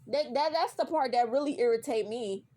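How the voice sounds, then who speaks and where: A woman's voice: on the high side, moderate pace, warm tone. Woman vlogger, casual reaction rant, heated and cussing, talks straight at the character. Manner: profane, heated, repeats for emphasis; addresses a character directly.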